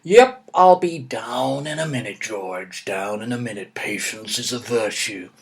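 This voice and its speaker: A man playing a patient father in a comedy chat, gently encouraging his son and calling him by name again and again. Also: medium pitch, a little slow.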